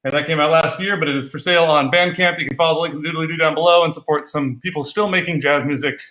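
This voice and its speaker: A man's voice: a little high, fairly even intonation, fast talker, bright, forceful tone, far from the mic. A man teaching a solo swing dance class, talking through steps and counting beats aloud in rhythm. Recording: echoey room, voice from off-mic.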